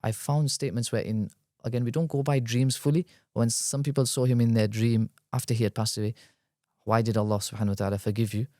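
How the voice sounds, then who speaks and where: A man, a guest scholar, explaining at length in a podcast discussion, quick and animated, weaving in Arabic terms. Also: medium pitch, no echo, studio quality.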